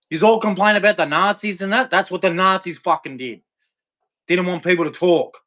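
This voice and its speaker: A man's voice: sits high, fairly bright tone. A middle-aged Australian man ranting angrily to camera, profane, aggressive and repetitive. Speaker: vlogger. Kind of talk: angry rant to camera.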